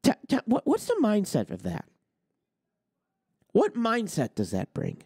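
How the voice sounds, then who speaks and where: A man's voice: high-pitched, huge pitch swings, unhurried, darkish tone, husky, no room sound, clean studio sound. A man hosting a trucking talk channel, ranting with heated sarcasm and swearing. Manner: heated, sarcastic, swears, mocks others in put-on quotes. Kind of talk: ranting opinion monologue.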